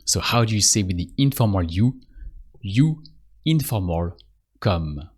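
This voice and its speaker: A man teaching a language lesson, patient and repetitive, pausing so the learner can answer. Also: on the low side, expressive, husky. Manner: slow, patient, repeats phrases and pauses for the learner. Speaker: French teacher. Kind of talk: calm spoken language lesson.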